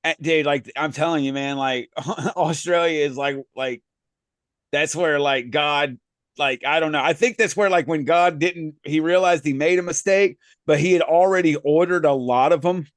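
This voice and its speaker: A man's voice: a little high, fairly even intonation, normal speed, dry recording. A man co-hosting a casual podcast, rambling through profane banter with lots of fillers and frequent laughs. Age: adult parent. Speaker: podcast co-host.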